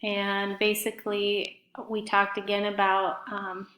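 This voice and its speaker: A woman's voice: medium pitch, completely flat delivery, slow pace, a bit bright. A woman teaching a fifth grade class in a recorded remote lesson, speaking patiently and spelling out words letter by letter. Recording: echoey room.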